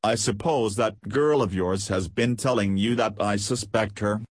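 A man's voice: fairly low pitch, moderate pace, dry recording, lightly acted. Scheming aristocratic lady, light and insinuating, voiced by a man, dry close sound. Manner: light, falsely sweet and insinuating.

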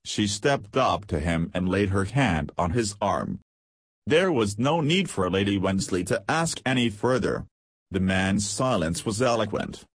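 A man narrating an audiobook in a steady, measured reading. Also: on the low side, slightly rough, dry recording.

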